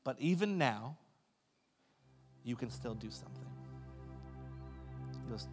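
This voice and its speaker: A man preaching a sermon as a pastor. He retells Bible stories in a conversational way, acting out the characters, then builds to loud, impassioned climaxes. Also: medium pitch, lively intonation, slow pace. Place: church sanctuary. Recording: long hall reverb with faint music. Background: faint keys or guitar.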